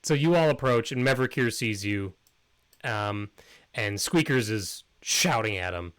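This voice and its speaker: A man narrating as game master in a relaxed way, laughing often and pausing with ums. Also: lowish voice, clear, resonant tone.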